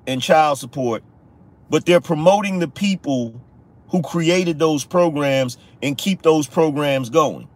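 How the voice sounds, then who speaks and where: Man ranting heatedly, fairly high voice. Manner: heated, preachy, repeats lines for emphasis, profane. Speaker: political podcast host. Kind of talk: live-stream rant.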